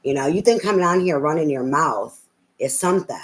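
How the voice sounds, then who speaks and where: A woman's voice: sits low, expressive, brisk, rough recording. A woman tarot reader on a live reading, talking bluntly and profanely in a rambling, ranting way with many fillers.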